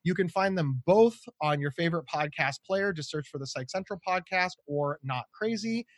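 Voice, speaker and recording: American male guest, lively self-promoting chatter, slightly high voice, dry close sound. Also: normal speed, dry recording. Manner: animated, self-promoting, joking. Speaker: podcast guest, author. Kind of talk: casual podcast chat.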